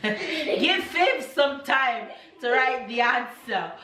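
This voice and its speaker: A woman's voice: sits high, expressive, takes it slowly, pushed and bright. A Jamaican woman in her thirties, a mother narrating a casual family vlog from her kitchen, playfully quizzing her kids in a sing-song way. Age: 30s. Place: home kitchen.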